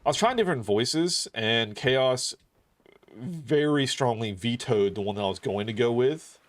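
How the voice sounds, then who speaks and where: An unhurried man with a medium-pitched, animated voice streams a video game. He chats casually and rambles, his talk packed with fillers and swearing.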